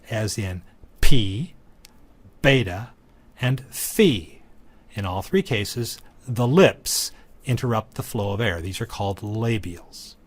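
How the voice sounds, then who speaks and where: A man teaching Greek grammar in a recorded lecture, explaining each form patiently and methodically, with frequent ums. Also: medium pitch. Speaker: Greek instructor.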